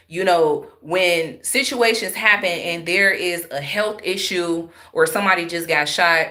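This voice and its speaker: A woman's voice: on the low side, normal speed, few pauses, sharp tone. A married woman telling viewers an upsetting story in an emphatic, emotional way, speaking straight to her audience. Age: adult, married. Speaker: vlogger.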